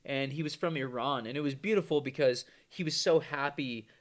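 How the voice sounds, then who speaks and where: A man's voice: mid-range voice, a little fast. A man delivering a casual, rambling vlog monologue, swearing freely in a loose, conversational manner. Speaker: vlogger.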